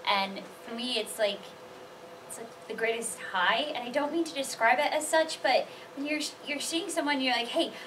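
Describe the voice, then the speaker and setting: A woman's voice: sits high, normal speed, distant mic, background noise. A woman panelist at a convention, talking enthusiastically about sharing costume ideas. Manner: enthusiastic, gushing. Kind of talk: casual panel chat.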